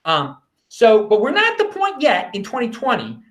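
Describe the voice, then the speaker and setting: A man hosts his own commentary show, talking straight to his viewers. His pitch swings widely as he goes, jumping up high and dropping low. He speaks in a loose, unscripted way, full of restarts and fillers. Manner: animated, halting, many restarts and fillers. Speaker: show host. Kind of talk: casual solo commentary.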